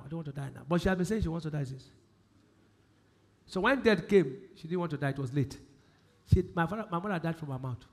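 A male pastor with a Nigerian accent preaching a sermon, asking the congregation questions and repeating key phrases, swinging between loud emphasis and quiet speech. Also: fairly high pitch. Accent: Nigerian English.

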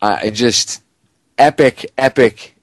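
A man hosting a talk radio show, giving excitable, indignant commentary and reading a story aloud with chuckles. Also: mid-range voice, takes it slowly, no room sound.

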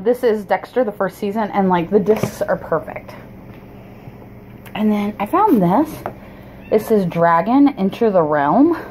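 A woman with a mid-range voice, recorded with a little hiss or hum, vlogs a shopping haul in her cluttered home. She's chatty and apologetic, rambling along with frequent pauses and restarts.

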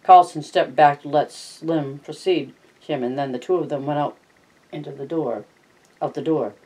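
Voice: mid-range voice, moderate pace, a little mellow, slightly rough, far from the mic, poor audio. A reader narrating a novel aloud for a study guide, adding brief remarks of their own. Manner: plain reading with brief remarks. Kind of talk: reading aloud with personal asides.

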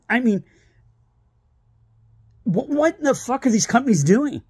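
A man's voice: extremely high pitch, sing-song, a little slow, pauses often, darkish tone, slightly rough, no echo, clean studio sound. A man ranting in a vlog, exasperated and sarcastic, swearing freely as he complains. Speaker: vlogger.

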